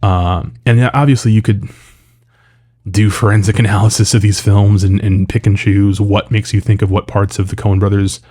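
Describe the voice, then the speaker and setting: Man, mellow dark tone, casual film review, rambling, restarts, profane. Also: lowish voice, level tone, moderate pace, breathy edge. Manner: rambling, frequent fillers and restarts, swears freely.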